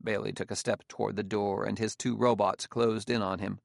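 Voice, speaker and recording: A man narrating an audiobook in a steady, even storytelling manner. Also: fairly low pitch, normal speed, creaky, no room sound, studio quality. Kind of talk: scripted narration.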